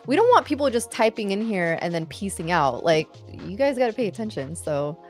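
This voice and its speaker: A woman's voice: mid-range voice, big pitch swings, a little fast, a little mellow, faint music behind. A woman co-hosting a live trading stream, chatting casually with lots of fillers and frequent giggles. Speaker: co-host.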